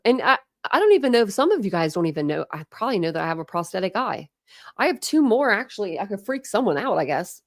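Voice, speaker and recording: A woman in her thirties chatting casually with viewers on a livestream from home, frank and quick to laugh, thanking commenters by name. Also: on the low side, no room sound, clean studio sound. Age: 30s. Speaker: livestream host. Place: home, indoors.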